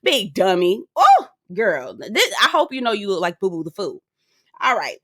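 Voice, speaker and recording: A woman's voice: mid-range voice, wildly swooping pitch, normal speed. A woman, giving a sassy, slang-filled recap of a reality show with mock voices. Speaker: reality TV reviewer. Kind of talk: casual recap commentary.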